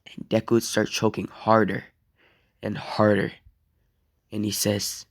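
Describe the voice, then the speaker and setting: Young man, fan story narration, slow drawl, gravelly, casual and profane. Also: lowish voice, level tone, no echo, clean studio sound. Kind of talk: improvised fan-fiction narration.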